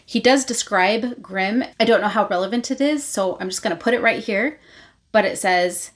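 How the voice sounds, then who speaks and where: A woman's voice: mid-range voice, moderate pace. A woman hosting her own channel, giving a casual spoken recap of a novel and retelling scenes loosely with plenty of fillers. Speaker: book reviewer, channel host.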